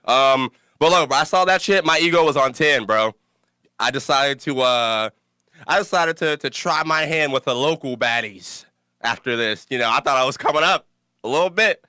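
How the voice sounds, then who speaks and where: A young man hosts a casual podcast with a bright, forward voice, and he tells his stories in an animated, laughing way. The sound is dry and close, with no room around it. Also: medium pitch, normal speed, clear, resonant tone, dry recording. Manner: animated storytelling, laughs often, cusses freely. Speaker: podcast host.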